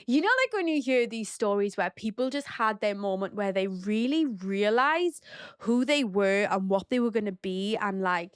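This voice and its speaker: A woman's voice: mid-range voice, clean tone, dry recording, clean studio sound. A woman hosting a podcast as a mother, sharing a personal story in a casual, heartfelt way with lots of fillers. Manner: chatty and heartfelt, with many fillers. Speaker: podcast host.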